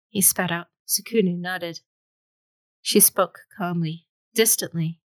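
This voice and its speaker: A woman's voice: lowish voice, unhurried, a bit bright, dry recording, rough recording. A woman reading a fantasy story aloud with dramatic storytelling. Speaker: audiobook reader. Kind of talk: scripted fantasy narration.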